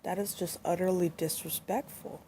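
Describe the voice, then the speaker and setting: A woman's voice: lowish voice, fairly even intonation, normal speed, warm tone, slight background noise. A young woman ranting indignantly into her phone, swearing and repeating herself as she talks. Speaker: vlogger. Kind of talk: angry casual rant.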